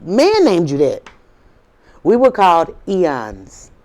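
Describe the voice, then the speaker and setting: A woman's voice: on the low side, wildly swooping pitch, slow, darkish tone. A woman hosting her own video channel, talking casually and preachily to viewers, repeating herself and firing off rhetorical questions in an informal, drawling way. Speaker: spiritual video host.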